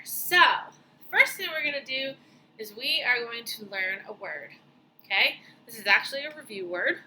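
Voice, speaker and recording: A woman teaches young children in a very bright, fairly high voice. She speaks slowly and clearly, leading the class through spelling and clapping out words. A faint hiss sits under her voice. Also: rough recording. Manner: slow, clear and encouraging, spells and claps out words.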